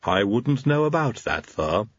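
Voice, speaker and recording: Storybook: man voicing a lisping, gloomy manservant, husky, deferential, dull lo-fi sound. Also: lowish voice, very animated, unhurried, no echo, exaggerated voice. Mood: dour, deferential. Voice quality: lisp. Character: grim male servant with a lisp, dour.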